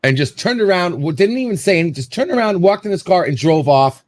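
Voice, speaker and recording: A man's voice: high voice, expressive, fast. A man hosting a casual show, telling a story in a rambling way and acting out what people said. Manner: rambling storyteller, repeats words, acts out quotes. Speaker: show host.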